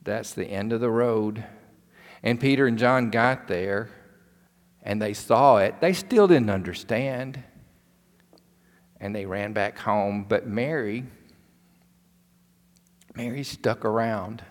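A man's voice: fairly low pitch, slow, long pauses. A male pastor preaching a sermon in a church, retelling a story with emphatic repetition. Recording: long hall reverb.

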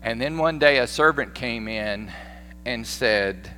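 A man with a Southern American accent, a pastor giving a sermon in a folksy, animated storytelling manner. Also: medium pitch, slow pace, soft background music. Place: church sanctuary. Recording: echoey church hall with faint hum.

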